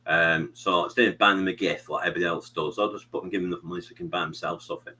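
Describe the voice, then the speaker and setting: A man's voice: low voice, fairly even intonation, very fast, pushed and bright, husky, poor audio. A British man hosting a live stream, chatting casually in a rambling way with many fillers. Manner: rambling, many fillers and "you know what I mean". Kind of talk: casual chat.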